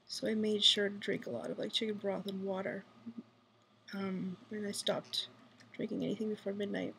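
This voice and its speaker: Woman, hushed whisper, very gravelly, rambling video diary, hospital room at night. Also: mid-range voice, flat delivery, moderate pace, a little hiss or hum. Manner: whispering quietly, rambling with many fillers. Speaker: vlogger.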